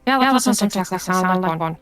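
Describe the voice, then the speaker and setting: A man's voice: sits high, expressive, a little fast, fairly bright tone, smooth, no room sound, soft background music. A man playing a tabletop game, describing actions in a hesitant, rambling way. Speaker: player.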